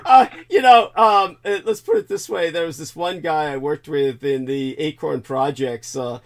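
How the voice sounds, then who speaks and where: A man hosting a casual livestream chat, halting and rambling, with many fillers and bursts of laughter. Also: a little high. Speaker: livestream host.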